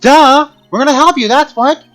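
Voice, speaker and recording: A man doing a shrill excitable young woman. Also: normal speed, soft background music. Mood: outraged.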